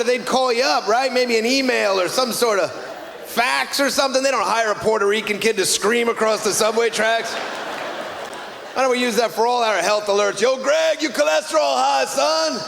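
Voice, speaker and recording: Extremely high-pitched with vocal fry, this New York-accented man in his thirties does a stand-up set of sarcastic, biting jokes. The comedy club stage echoes, and the audience laughs throughout.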